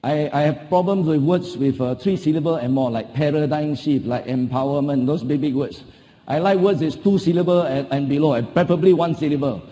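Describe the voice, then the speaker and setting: A Singaporean man with a high, mellow voice and Singaporean English accent gives a motivational keynote speech at a fairly quick pace in a large conference hall. He speaks emphatically, repeats key phrases, and poses rhetorical questions to the audience. The recording has a long hall reverb and slight background noise.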